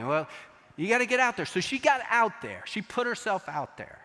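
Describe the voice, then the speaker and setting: A middle-aged man preaching a sermon, telling a story in an animated, joking way. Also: high voice, a little fast. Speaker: pastor. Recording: long echo of a large hall.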